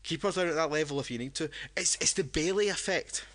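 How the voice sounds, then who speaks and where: A man's voice: a little high, fast, fairly bright tone. A drunk man, co-hosting a casual podcast chat and rambling with many restarts. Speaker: podcast co-host.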